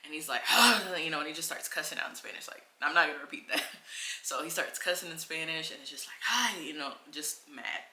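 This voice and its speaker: A woman vlogger telling a personal story in a casual, animated way, full of filler words. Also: low-pitched, fairly quick, echoey room. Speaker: travel vlogger.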